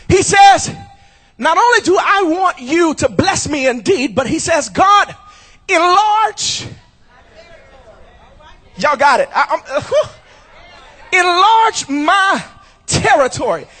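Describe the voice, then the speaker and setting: A male pastor preaching a shouted sermon at a church service, using rhythmic repetition and calling out to the congregation. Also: extremely high pitch, animated, slow pace, pauses often.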